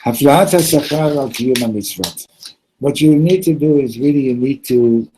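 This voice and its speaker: A man's voice: medium pitch, moderate pace, dark tone, a little hiss or hum, poor audio. A man teaching a Torah class in a loose, conversational way, telling stories and mixing in Hebrew terms.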